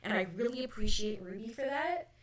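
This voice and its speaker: A woman's voice: fairly high pitch, animated, brisk. Analytical woman in an echoey room. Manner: thoughtful, analytical. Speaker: podcast co-host. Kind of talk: casual fan discussion. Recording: roomy, distant mic.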